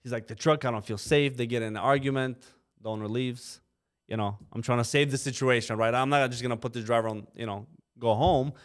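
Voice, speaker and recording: A man's voice: mid-range voice, brisk. A man, a trucking company co-owner, telling stories in casual podcast talk, acting out quotes and often saying "you know". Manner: animated anecdote-telling, acts out quoted drivers, frequent "you know". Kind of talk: casual storytelling. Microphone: podcast microphone.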